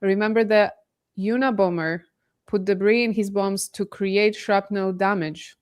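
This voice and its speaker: A woman's voice: mid-range voice, steady tone, measured pace, darkish tone, clean tone. A woman co-hosting a live stream in a light, easygoing way, reading viewer questions aloud. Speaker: co-host reading super chats. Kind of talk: casual live-stream chat.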